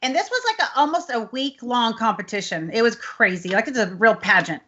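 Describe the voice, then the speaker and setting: Bright-voiced woman from texas rambling. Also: on the high side, animated, brisk. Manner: rambling storyteller, many fillers like "anyways". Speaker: host. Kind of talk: casual chat, long personal anecdote. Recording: slightly muffled online call audio.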